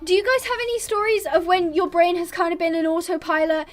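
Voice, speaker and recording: A young British woman, born abroad on a military base, hosts a casual livestream with a very high, fairly even voice at a quick pace. She rambles chattily, reads out chat messages, and laughs often.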